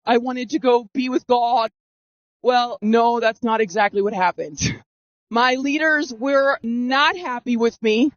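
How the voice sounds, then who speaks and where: This woman, roughly thirty, speaks slowly at a fairly high pitch as she recounts her own experiences with earnest drama, re-enacting her past reactions. A masking filter disguises her voice, leaving a dull, dry recording with no echo.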